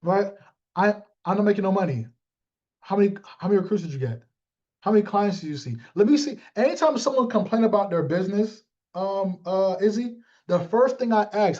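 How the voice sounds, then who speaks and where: A man with a high voice coaches his sales team in a loose motivational talk. He is blunt and jokey, calls out listeners by name and plays out quick back-and-forths. The recording sounds dull and lo-fi. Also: animated, a little mellow.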